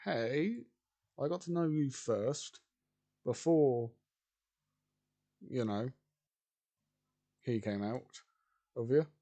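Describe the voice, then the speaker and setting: A joking middle-aged father talks gruffly, voiced by a man in his own slow, creaky tone. The voice is dark and unhurried. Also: mid-range voice, animated, full character voice.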